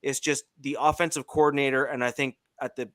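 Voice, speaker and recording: A man's voice: medium pitch, level tone, brisk, fairly bright tone, dry recording. A man with a Canadian accent, co-hosting a casual sports chat and talking with many fillers and restarts. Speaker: podcast co-host.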